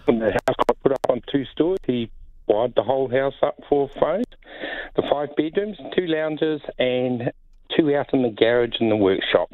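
A man's voice: medium pitch, normal speed, no room sound, phone-quality sound. A man calling in to a radio show, telling a story and laughing as he goes. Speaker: caller. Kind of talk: phone-in storytelling.

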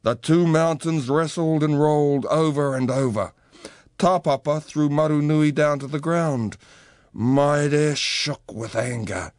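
A man's voice: a little high, slow, darkish tone, no echo, clean studio sound. A man telling a legend aloud in a dramatic storybook reading. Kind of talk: storybook narration.

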